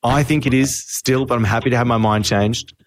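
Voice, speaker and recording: A man's voice: medium pitch, fairly quick, a little hiss or hum. A man hosting a radio show, telling a story in casual banter. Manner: animated storytelling with quoted voices. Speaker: radio host. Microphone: studio microphone.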